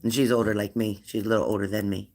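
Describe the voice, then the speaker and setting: A woman in her fifties hosting a live stream, chatting warmly and laughing as she reads out viewers' comments. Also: rumbling low, little pitch movement, fast talker. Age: 50s. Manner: chatty and affectionate, laughs often, answers comments aloud. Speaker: livestream host of a spirit-messages channel.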